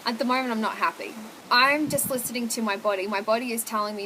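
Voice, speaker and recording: A woman's voice: a little high, fast, heavy background noise. A young woman, talking candidly to camera at home in a chatty, confessional way, full of "like" and "oh my God". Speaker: vlogger. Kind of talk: candid casual chat to camera.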